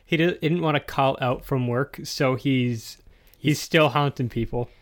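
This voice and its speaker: A tired man co-hosting a podcast, tossing in dry, deadpan remarks. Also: medium pitch, a little slow. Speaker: podcast co-host.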